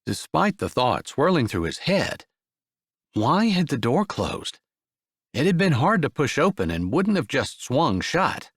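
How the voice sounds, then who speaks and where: Expressive male audiobook narrator. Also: medium pitch, unhurried, breathy edge, no room sound, studio quality. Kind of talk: scripted narration.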